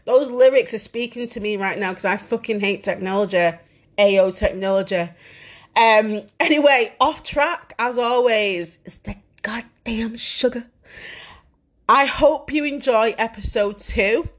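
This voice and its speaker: A woman's voice: on the high side, moderate pace, few pauses, fairly bright tone. A woman hosting a podcast in a chatty, rambling way, swearing often and poking fun at herself. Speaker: podcast host. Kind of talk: casual chat.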